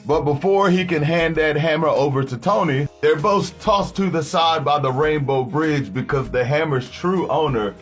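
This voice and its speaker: A man with a somewhat high voice tells a comic story in a relaxed, slangy, joking way, as if chatting with friends. Faint music plays under his voice. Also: normal speed, few pauses. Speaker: comic recap narrator. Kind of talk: casual storytelling recap.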